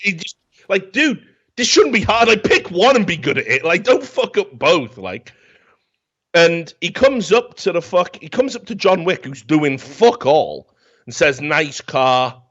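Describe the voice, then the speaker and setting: A man's voice: sits high, very animated, unhurried, a bit bright, breathy edge. Profane man ranting comically. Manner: profane, rambling, mocking. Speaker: podcast host. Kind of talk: comedic film rant. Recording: dull lo-fi sound.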